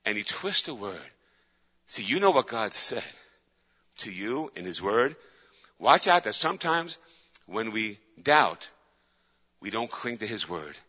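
Fervent male preacher, dramatic storyteller; bright, forceful tone, dull lo-fi recording. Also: fairly low pitch, big pitch swings, a little slow, long pauses. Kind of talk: sermon. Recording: dull lo-fi with long hall reverb.

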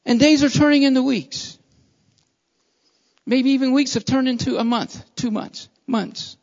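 A preacher delivering a sermon in repeated, building phrases, by turns loud and fervent, then quiet and earnest. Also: high-pitched, fairly even intonation, moderate pace, big-room sound, muffled recording.

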